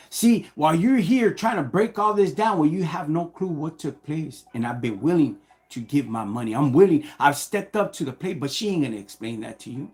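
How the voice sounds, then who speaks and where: A middle-aged man telling a personal story casually on a live stream, animated and slang-heavy, acting out what people said. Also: a little high, normal speed.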